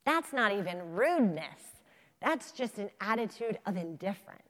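A woman's voice: medium pitch, normal speed. A woman in her thirties giving a conference talk, telling stories and acting out the dialogue. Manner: animated storyteller, acts out dialogue. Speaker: keynote speaker. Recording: long hall reverb.

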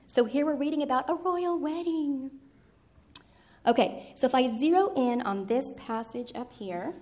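A woman's voice: mid-range voice, a little mellow. A middle-aged woman teaching Latin poetry and history in a presentation, explaining patiently and sometimes correcting herself. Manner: explanatory, with occasional self-corrections. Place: presentation room with a screen.

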